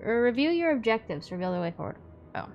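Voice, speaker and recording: A woman gives casual commentary on a video game in a high voice. She is goofy and playful and often shouts spell names. Faint music plays behind her. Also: very animated, fast, muffled recording. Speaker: gaming streamer.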